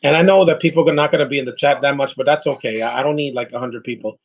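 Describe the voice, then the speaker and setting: Man, casual watch-along commentator, husky voice, opinionated rambles. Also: medium pitch, racing, lo-fi sound. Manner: rambling, opinionated, with frequent restarts. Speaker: live movie commentator.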